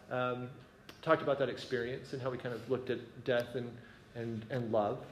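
A man tells an earnest personal story to a gathering in a medium-pitched voice, chatting conversationally and often asking whether it makes sense. There is a little hiss or hum, and the room is echoey with faint ambience.

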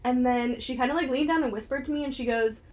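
A young woman from Ohio telling stories in a casual chat among friends, animated and giggly. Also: high voice, quick pace. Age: young adult.

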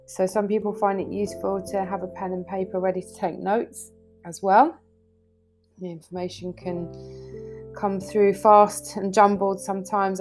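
A middle-aged woman hosting a spiritual podcast, talking in a soft, reassuring way with sighs and small laughs. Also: medium pitch. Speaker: podcast host and channeler. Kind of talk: gentle spiritual podcast talk.

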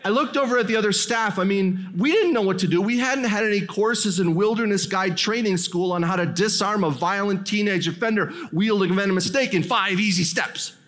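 A man preaching as a guest speaker, telling a long personal story with wry humor and quick asides. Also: sits high, a bit bright. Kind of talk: sermon storytelling.

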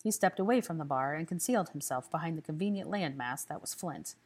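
A woman reading a story aloud as narrator, calm and even. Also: deep voice, fast. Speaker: audiobook reader. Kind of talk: scripted narration.

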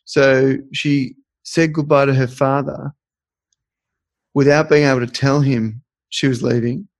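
A man's voice: medium pitch, fairly even intonation, unhurried, no echo. A man hosting a podcast, chatting casually and telling stories in a reflective way. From Australia. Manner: reflective, storytelling. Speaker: podcast host.

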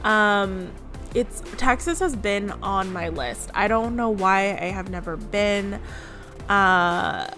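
Woman, podcast host, casual chat, giggly, lots of "um" and "like", soft music behind. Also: mid-range voice, takes it slowly. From California. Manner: chatty and giggly, with many fillers.

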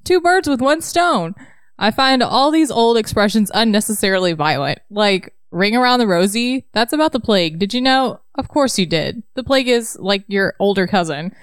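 A woman co-hosting a book podcast, summarizing chapters in casual chat with dry, deadpan humor. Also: mid-range voice, normal speed, clean tone, no echo.

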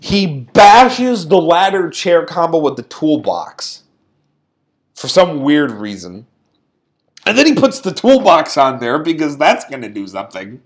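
A man's voice: fairly high pitch, very animated, unhurried. A man co-hosting a podcast, recapping events in a sarcastic, incredulous rant. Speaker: podcast co-host. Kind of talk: casual recap commentary.

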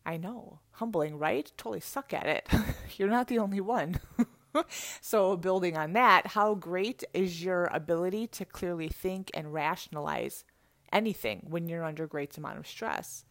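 A middle-aged woman coach giving a lively, conversational motivational talk and laughing often. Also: fairly low pitch, moderate pace, dry recording, clean studio sound.

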